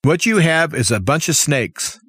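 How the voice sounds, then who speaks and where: A man delivers a fiery political commentary monologue, firing off rhetorical questions one after another. His voice sits a little on the high side for a man. The sound is close and dry, with no room around it. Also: sing-song, measured pace, a bit bright, breathy edge, no echo. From United States. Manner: impassioned, opinionated, full of rhetorical questions. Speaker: talk show host.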